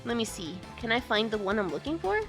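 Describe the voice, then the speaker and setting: A giggly woman streamer talks casually to her chat in a high, animated voice that jumps all over. Her tone is bright and sharp. Faint music plays behind her. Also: quick pace. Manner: giggly, chatty, greets viewers.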